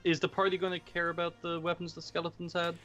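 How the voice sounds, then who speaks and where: A man's voice: fairly high pitch, monotone, quick pace, fairly bright tone. A man playing in a tabletop game, asking brief, plain questions in casual chat. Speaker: player. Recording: dull lo-fi call audio with faint music.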